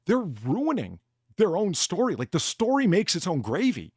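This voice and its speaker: A man hosting a casual stream chat, talking in an animated, profane way and acting out quotes as he narrates a clip. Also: high-pitched, moderate pace, slightly rough, no echo, clean studio sound. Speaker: stream host.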